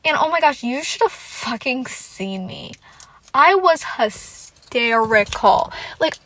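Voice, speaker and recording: A woman's voice: high voice, slow pace, no room sound. A woman hosting a casual solo podcast, rambling and venting with lots of "like" and frequent swearing. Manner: animated and emotional fan venting. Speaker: podcast host.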